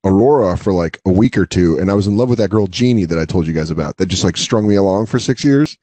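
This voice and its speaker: A man in his late thirties from Alaska, co-hosting a casual comedy podcast and telling stories in an animated way, jumping high when he mimics people. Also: quick pace, no echo. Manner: animated storytelling, jumps to high mocking voices for quotes. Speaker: comedian co-host.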